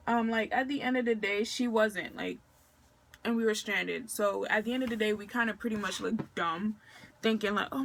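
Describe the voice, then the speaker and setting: A woman's voice: on the high side, a bit bright. Chatty young woman telling a story. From Maryland, USA. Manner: chatty, filler-heavy, slangy retelling with quoted dialogue. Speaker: vlogger. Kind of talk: casual storytime vlog.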